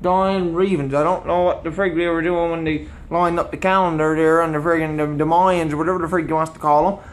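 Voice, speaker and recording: A man's voice: on the high side, steady tone, fairly quick, low-quality recording. A man with a Newfoundland accent in a blunt, exasperated comic rant full of local slang. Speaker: comedy vlogger.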